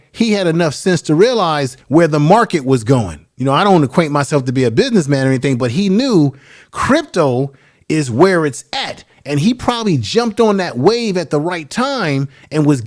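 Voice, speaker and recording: A man's voice: a little high, expressive, normal speed, a little mellow. Tired man giving earnest advice. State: a little tired. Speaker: guest YouTuber. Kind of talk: casual live stream chat.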